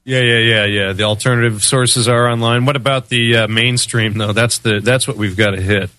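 Bright-voiced man, guest on talk radio. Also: mid-range voice, steady tone, moderate pace, dry recording. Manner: hesitant, many fillers. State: unwell, recovering from fever. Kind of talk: casual talk radio interview.

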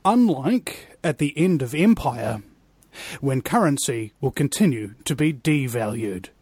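A man hosting an interview show, excitable and prone to loud asides. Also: on the high side, no room sound. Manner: excitable, swings between loud asides and mumbled fillers. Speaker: podcast host.

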